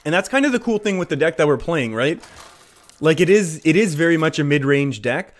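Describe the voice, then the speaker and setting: A man's voice: fairly high pitch, lively intonation, fairly quick, soft background music. A man live-streaming a card game, talking through his plays in a chatty way and often laughing.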